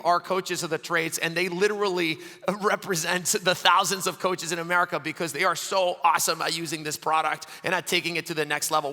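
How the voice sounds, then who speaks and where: A man giving energetic closing remarks at a large conference, excitable and quick to laugh. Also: high-pitched. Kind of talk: conference keynote speech. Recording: long reverb of a large hall.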